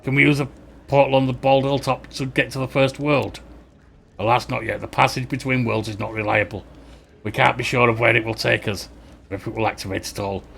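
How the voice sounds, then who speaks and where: A man's voice: mid-range voice, little pitch movement, brisk, gravelly, fairly bright tone, slight background noise. A man playing a computer role-playing game, reading its text aloud with casual, offhand asides. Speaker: let's play gamer.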